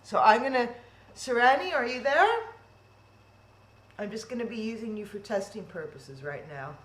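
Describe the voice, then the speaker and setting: With a voice on the high side, expressive and at normal speed, a woman runs a live-streamed online event while struggling with video call glitches. She chats, gets flustered and restarts her thoughts aloud, and the room echoes slightly over faint noise.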